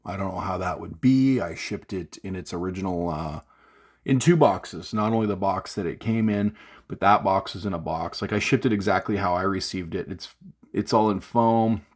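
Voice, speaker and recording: Exasperated man ranting, lowish voice. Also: moderate pace. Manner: exasperated, rambling, many fillers and restarts. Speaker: gear vlogger. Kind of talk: unscripted vlog rant.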